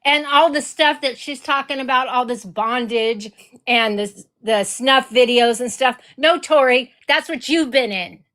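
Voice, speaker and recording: Woman host, high-pitched, seething and swearing through a heated reaction rant. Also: measured pace, a bit bright. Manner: furious, swearing, repeating accusations. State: enraged. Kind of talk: heated commentary.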